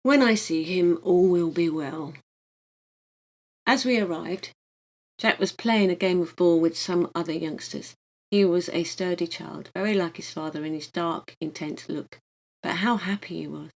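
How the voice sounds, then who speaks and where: A woman reading a visionary book aloud in a calm, gentle storytelling way. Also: lowish voice, normal speed, creaky, poor audio. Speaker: audiobook reader.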